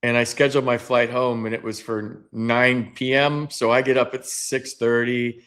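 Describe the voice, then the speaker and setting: Male co-host, mid pitch, animated storyteller in casual chat. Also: normal speed. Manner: animated storyteller, acts out quotes. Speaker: former baseball player and co-host.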